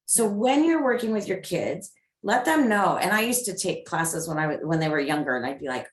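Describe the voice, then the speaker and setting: A woman's voice: medium pitch, very animated, normal speed. A middle-aged woman giving an upbeat parenting talk, full of acted examples. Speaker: parenting coach and presenter. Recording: echoey room.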